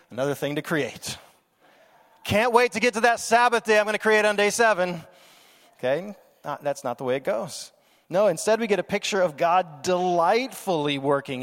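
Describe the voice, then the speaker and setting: Male pastor, high-pitched, lively conversational sermon, long hall reverb. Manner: animated, conversational preaching with playful asides.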